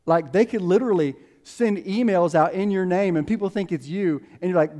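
A pastor giving a conversational sermon, telling stories and acting out quotes with lively ups and downs. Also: male voice, sits high, a little fast, hardly any pauses. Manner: conversational, animated storytelling with acted quotes.

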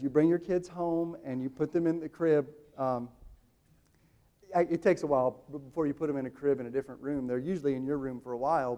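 A man in his thirties preaching a sermon, booming slow on quoted lines and dropping quick and hushed in his asides. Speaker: pastor.

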